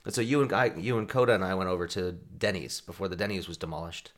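Low-voiced man telling a story. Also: quick pace. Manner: laughing, animated storyteller. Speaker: podcast co-host. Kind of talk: casual storytelling chat.

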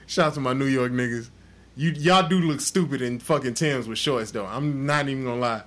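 A man's voice: medium pitch, a bit bright, slight background noise. A man hosting a podcast, telling a story in crude, profane, casual chat. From Texas. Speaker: podcast host.

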